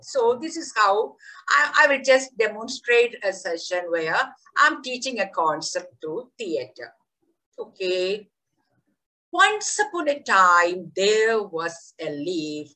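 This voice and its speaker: Lady teacher on a video call, bright voice, slow and lively, telling a kids story. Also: medium pitch, rough recording. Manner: enthusiastic, animated storytelling. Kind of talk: online workshop and storytelling.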